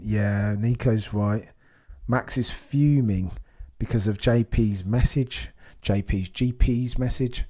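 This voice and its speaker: A young man hosting a live race watchalong, commentating casually and reacting with excitement. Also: medium pitch. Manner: excitable, exclaims and gasps at on-track action.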